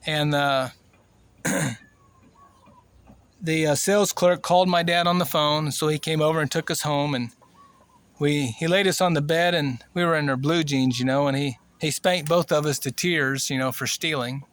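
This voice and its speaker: A man in his sixties, originally from Cuba, recounting memories in a loose, meandering way. His voice sits a little higher than most men's, and his speech is plain and unpolished, full of fillers and restarts. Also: fairly even intonation, moderate pace, fairly bright tone. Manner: rambling, plainspoken, many fillers. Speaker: vlogger. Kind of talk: personal storytelling.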